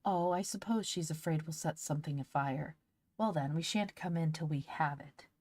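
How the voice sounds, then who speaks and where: A woman voicing Ben, a calm and practical older brother, in a storybook reading. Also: deep voice, moderate pace, no echo. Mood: plain.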